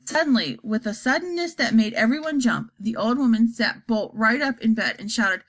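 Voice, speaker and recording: A woman narrating a children's storybook aloud in an expressive, animated way. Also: a little high, normal speed, few pauses. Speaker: audiobook narrator.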